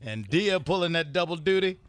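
A man hosting morning radio, bantering and laughing with his co-hosts. His pitch swings widely and his voice is bright and forceful. The studio sound is close and dry. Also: brisk, clear, resonant tone, no room sound. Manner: lively, laughing, joking with co-hosts. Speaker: radio show host.

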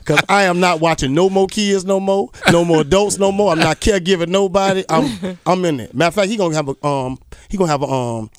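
A comedian telling funny stories on a morning radio show, acting out the people in them and laughing often. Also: male voice, high-pitched, fast, few pauses, no echo. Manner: animated storytelling, laughing, acting out quotes. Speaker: comedian guest. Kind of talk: casual radio chat. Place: radio studio. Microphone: studio microphone.

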